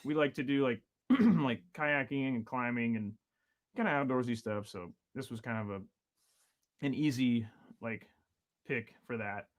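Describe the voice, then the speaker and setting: A man in his thirties tells a long story in a loose, rambling way. He stacks up fillers and restarts and laughs easily. His voice sits at an ordinary middle pitch. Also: animated, measured pace. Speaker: podcast guest, drummer. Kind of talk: casual storytelling chat.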